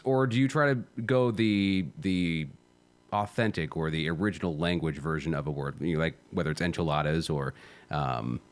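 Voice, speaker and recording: A man moderating a panel discussion in an easygoing, slightly hesitant way. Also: medium pitch.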